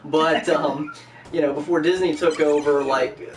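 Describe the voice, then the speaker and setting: A man's voice: on the high side, fairly even intonation, measured pace, echoey room, over music. A man hosting a podcast, chatting casually and joking at his own expense. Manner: joking, chatty, self-deprecating. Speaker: podcast host. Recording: distant mic with background noise.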